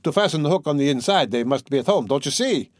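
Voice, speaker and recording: A man doing a young male student who is eager and sharp, pitched noticeably higher and a little louder than the reader's own voice. He sounds excited and insistent, and the recording is very dry and close. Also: quick pace, no echo.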